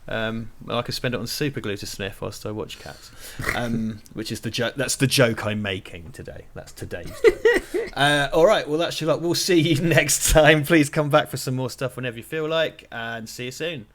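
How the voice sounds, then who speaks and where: A man with a middle-pitched voice hosting a relaxed film podcast. He jokes, swears and rambles, recorded close on a lapel mic. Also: normal speed, few pauses. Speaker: podcast host. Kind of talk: casual film chat. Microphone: lavalier.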